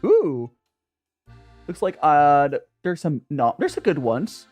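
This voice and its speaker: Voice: medium pitch, huge pitch swings, slow, a little mellow, faint music behind. A young adult streamer chatting casually over tea, rambling and greeting viewers by name. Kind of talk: casual chat while drinking tea.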